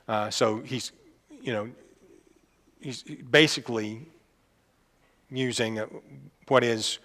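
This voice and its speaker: A man's voice: medium pitch, fairly bright tone. Man preaching in an echoing hall. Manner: conversational, with fillers and asides. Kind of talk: sermon. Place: church hall. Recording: long reverb of a church hall.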